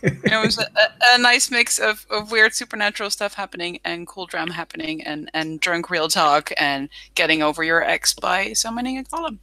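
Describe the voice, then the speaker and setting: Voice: medium pitch, lively intonation, moderate pace, gravelly, sharp tone, no echo. A player in a tabletop game chatting bubbly and giggly about the session's drama. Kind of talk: casual post-game chat.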